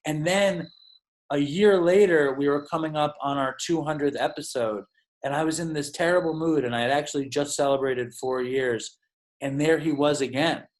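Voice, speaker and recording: A man's voice: a little high, moderate pace. A man talking as a podcast guest in casual storytelling mode. He rambles from one anecdote to the next, swears freely and leans on "like" constantly. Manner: rambling, profane, full of "like".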